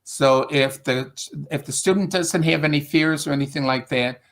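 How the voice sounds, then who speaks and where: Fairly high-pitched and bright, this man talks at a moderate pace with an upstate New York accent. He's describing teaching English in a casual video-call conversation, rambling with fillers and restarts.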